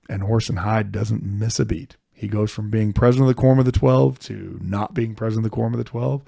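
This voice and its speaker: A middle-aged man, a podcast co-host, talking through history in an earnest, animated way. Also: lowish voice, gravelly, dry recording, clean studio sound. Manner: earnest, animated, frequent restarts. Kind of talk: casual history discussion.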